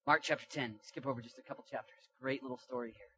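A young man preaching a sermon and reading scripture aloud, emphatic and lively, dropping into casual slang and swinging from hushed asides to loud, punchy lines. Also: mid-range voice, fast talker, slight background noise. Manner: animated, emphatic, shifts from quiet to loud.

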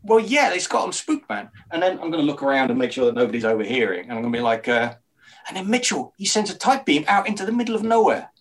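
A man's voice: mid-range voice, expressive, fast talker. A man playing a tabletop character, rambling in a conspiratorial tone and tagging lines with "man". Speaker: tabletop role-player. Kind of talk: in-character tabletop role-play.

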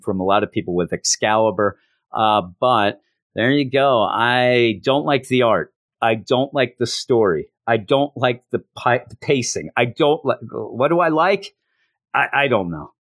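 A man's voice: mid-range voice, a bit bright, no room sound, studio quality. A man hosting a solo comics review podcast, talking in a sarcastic, rambling, jokey way.

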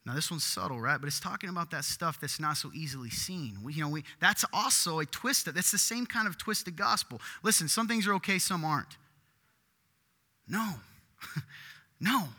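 Male pastor, fairly high bright voice, lively emphatic sermon delivery. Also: normal speed, big-room sound. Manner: animated, rising to loud emphatic bursts. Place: church.

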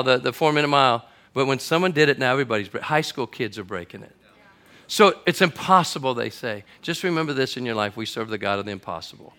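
Bright-voiced man preaching a sermon. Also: mid-range voice. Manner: lively storyteller, builds to shouting at the climaxes. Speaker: pastor. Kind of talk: sermon with a comic story. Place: church auditorium before a congregation.

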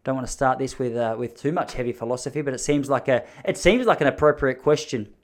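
A man's voice: mid-range voice, fast. An Australian man from Melbourne giving a rambling, self-mocking comedic monologue, blunt and sprinkled with swearing.

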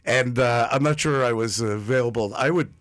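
A man in his fifties, a comedian guest on a radio show, chatting casually and cracking jokes with quick asides. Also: medium pitch, dry recording, clean studio sound. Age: 50s. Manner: joking, quick asides, animated. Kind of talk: casual radio interview chat.

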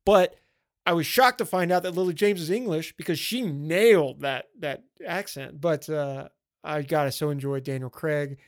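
A man's voice: on the high side, normal speed. Eager man chatting about movies. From American South. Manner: enthusiastic, rambling with fillers. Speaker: podcast co-host. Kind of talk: casual film chat.

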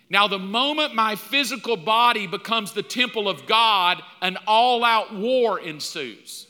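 A man in his fifties preaching a sermon, telling stories with animated, mock-outraged outbursts. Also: high-pitched, measured pace, few pauses, long reverb tail. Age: 50s. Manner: animated storytelling, jumps up loud in mock outrage. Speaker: pastor.

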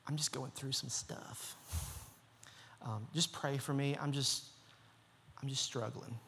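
Male preacher doing a hushed Southern churchgoer, whispery, vague and evasive. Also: mid-range voice, fairly even intonation, takes it slowly, a little hiss or hum, voice pushed down. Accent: American Southern. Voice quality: whispery, soft and gentle.

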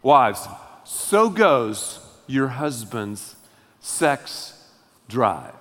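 A man's voice: mid-range voice, very slow, long reverb tail. A male pastor preaching a sermon, joking and speaking directly to the congregation. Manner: animated, joking, addressing the congregation.

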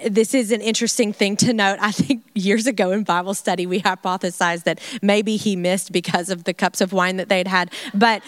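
Animated woman teaching a Bible study. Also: mid-range voice, dry recording. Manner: animated and chatty, with laughs and playful asides.

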